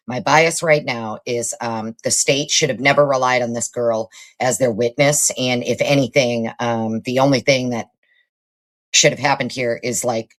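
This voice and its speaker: Very low-voiced woman streamer. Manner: blunt, casual swearing, frequent fillers. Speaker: live stream host. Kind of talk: casual live commentary.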